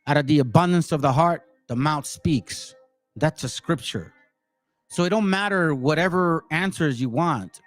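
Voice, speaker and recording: A man's voice: a little high, unhurried, faint music behind. A man in his forties ranting as channel host, confrontational and slangy. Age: 40s. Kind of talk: heated rant to a commenter.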